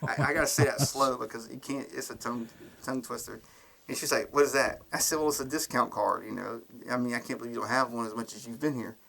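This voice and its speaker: A man's voice: medium pitch, steady tone, fast, gravelly, fairly bright tone. A man co-hosting a casual podcast, telling rambling stories and laughing at them as he goes. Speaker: podcast co-host. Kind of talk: casual storytelling chat.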